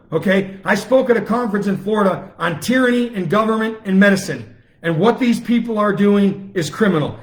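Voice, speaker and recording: A man on a self-recorded live stream, speaking in a raised, high-pitched register. He talks in heated bursts and repeats his key phrases for emphasis, so each point comes out sharp and indignant. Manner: fiery, repetitive, emphatic outbursts. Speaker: political commentator on a live stream. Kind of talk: impassioned live-stream rant. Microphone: phone or webcam, self-recorded.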